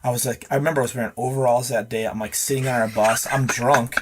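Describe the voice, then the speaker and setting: A man's voice: medium pitch, fairly even intonation, fast, background noise. A man in his thirties, a podcast guest, telling a long rambling story in casual chat, swearing often and acting out the dialogue.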